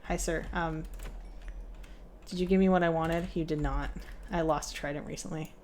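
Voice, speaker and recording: A woman's voice: deep voice, steady tone, normal speed, darkish tone, slight background noise. A young woman streaming a game, chatting casually in a playful, giggly, rambling way and poking fun at herself.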